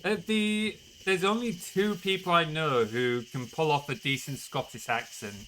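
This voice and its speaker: A young man from northern England with a Yorkshire accent chats casually with viewers during a gaming live-stream, giggling at his own expense. His fairly high voice has fairly even intonation and a slightly slow pace. Game music plays in a noisy background.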